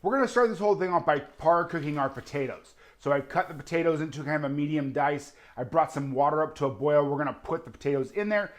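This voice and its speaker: An upbeat man walks through a home cooking demonstration, his voice pitched a little high for a man. He sounds eager and chatty as he tastes and explains each step. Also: quick pace, hardly any pauses. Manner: enthusiastic, talks while tasting and cooking. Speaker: cooking show host.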